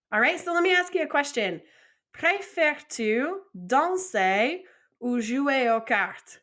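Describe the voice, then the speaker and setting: Woman teacher w a slightly high voice, slow clear drills, friendly, encouraging. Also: a bit bright. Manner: slow, clear modeling of phrases for repetition. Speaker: French teacher. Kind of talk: recorded classroom lesson.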